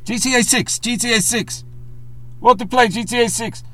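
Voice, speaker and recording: A man mimicking a frantic shouting stage-crasher. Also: moderate pace, poor audio. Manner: shrill, repetitive chanting. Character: frantic young man shouting demands onstage.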